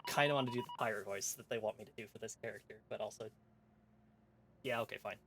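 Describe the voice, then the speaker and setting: A man streaming a game, reading its story text in a calm, low-key way and chatting casually between the lines. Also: quick pace, noisy background.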